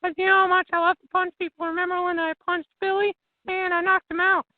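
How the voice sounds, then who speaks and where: A performer voicing a shrill, boastful young left-wing brawler who keeps interrupting with a very high-pitched voice. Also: flat delivery, dry recording. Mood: whiny. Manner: interrupts with rapid repeated shouted "no" and "shut up". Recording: tinny phone-line call.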